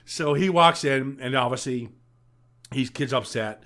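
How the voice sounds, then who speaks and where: A man's voice: mid-range voice, unhurried, a bit bright. A man on a podcast recapping a film in casual chat, swearing often, laughing a lot and acting out the characters' lines. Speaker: podcast co-host.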